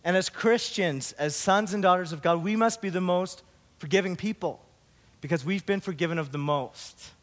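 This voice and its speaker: A man pastor giving a sermon, opening with a story and then preaching slowly and earnestly. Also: sits high, a bit bright.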